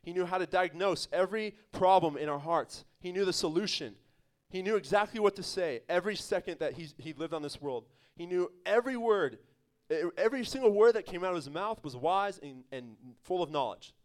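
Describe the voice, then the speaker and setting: A man's voice: sits high, expressive, fairly quick. A man, a pastor, preaching an evening church sermon in an emphatic, conversational way, with laughs and asides to the congregation.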